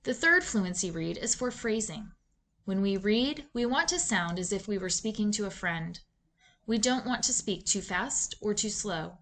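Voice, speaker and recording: A woman narrating a reading lesson in a clear, measured teacher's voice, posing questions to students. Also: mid-range voice, lively intonation, fairly bright tone. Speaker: reading instructor. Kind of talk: scripted instructional narration.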